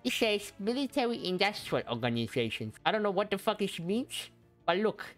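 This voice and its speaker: A pompous know-it-all lecturer, as a gaming streamer puts him on, talking down to everyone in a raised, self-important tone. His voice sits noticeably higher than the streamer's own. Faint music plays underneath. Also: big pitch swings, moderate pace, a bit bright. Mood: smug. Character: smug male know-it-all expert.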